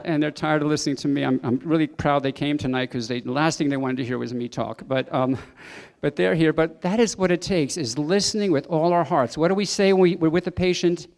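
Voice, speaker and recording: A middle-aged man addresses a banquet crowd as a doctor, earnest and emphatic. His voice sits a little high for a man. He drops in wry asides with a chuckle. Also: fairly quick, gravelly, a little mellow. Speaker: doctor giving a banquet speech. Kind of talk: public speech. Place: banquet hall.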